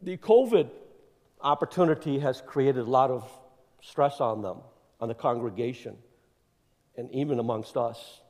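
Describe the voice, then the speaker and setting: Guest speaker, male, mid pitch, emphatic and rambling, church hall reverb. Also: measured pace, long pauses. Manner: energetic, emphatic, rambling with fillers. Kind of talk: informal church address. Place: church sanctuary. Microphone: clip-on mic that keeps slipping.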